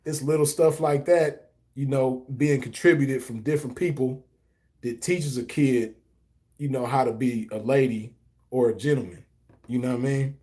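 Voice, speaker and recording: A stream host with a steady, medium-pitched voice that is a little mellow talks at normal speed. He spins a story in a relaxed, rambling monologue, reads and answers chat comments, and leans heavily on fillers such as "you know what I mean."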